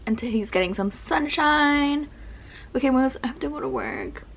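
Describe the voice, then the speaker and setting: Young woman, casual vlog talk, chatty, coos at her cat, slightly high pitch. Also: sing-song, moderate pace, a little hiss or hum, low-quality recording. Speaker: vlogger.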